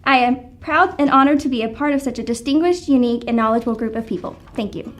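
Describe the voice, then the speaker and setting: A young graduating woman delivers a prepared speech to her classmates. Her voice sits high, and her tone stays earnest and encouraging throughout. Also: quick pace, soft background music. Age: young adult. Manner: earnest, encouraging, read from script. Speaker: graduating student speaker.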